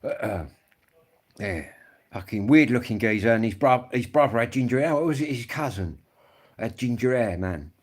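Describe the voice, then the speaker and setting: A man's voice: medium pitch, expressive, normal speed. A man, rambling and swearing freely as he chats casually to viewers on a live stream. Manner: rambling, swearing, blokey storytelling.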